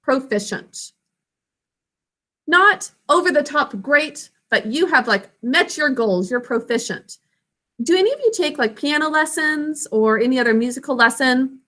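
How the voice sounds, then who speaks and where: Young teacher lady walking kids through spelling, sounds out each syllable slowly, high voice. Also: animated, sharp tone. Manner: clear, slow enunciation of words and sounds. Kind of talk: classroom spelling lesson.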